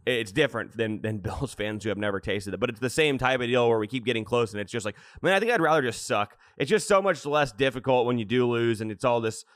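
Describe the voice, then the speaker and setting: A man co-hosting a casual sports podcast in a relaxed, chatty way. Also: medium pitch, quick pace, few pauses, no echo. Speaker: podcast co-host.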